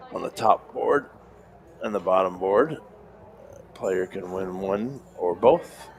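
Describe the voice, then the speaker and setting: A man calling poker hands live in a relaxed, conversational play-by-play. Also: on the low side, gravelly. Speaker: poker stream commentator.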